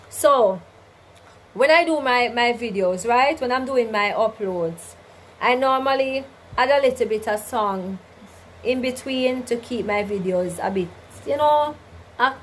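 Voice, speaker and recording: The host's voice is fairly high, with a little hiss or hum in the low-quality recording. During her casual livestream chat she reads out what viewers write and responds with preachy, faith-driven advice, leaning heavily on "you understand?" and "right?".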